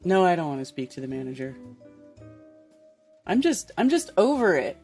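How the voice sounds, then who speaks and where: A woman's voice: on the low side, very animated, normal speed, darkish tone, faint music behind. A woman hosting a casual live-stream talk show, speaking in a blunt, profane, exasperated manner. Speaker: podcast host.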